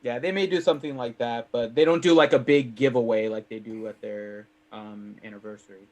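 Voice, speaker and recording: A man co-hosting a casual gaming stream, calmly explaining things. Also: mid-range voice, fairly quick.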